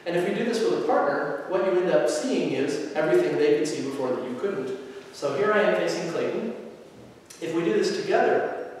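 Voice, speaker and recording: A man teaching aikido who explains movements calmly and methodically and chants short phrases with each step. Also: fairly high pitch, a little hiss or hum. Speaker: aikido instructor. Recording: echoey hall, mic far off.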